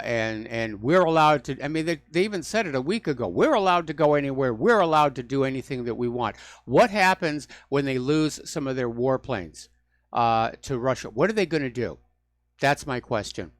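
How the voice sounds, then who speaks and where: A man's voice: mid-range voice, dry recording. A man hosting a call-in radio talk show, delivering opinionated, mocking rants.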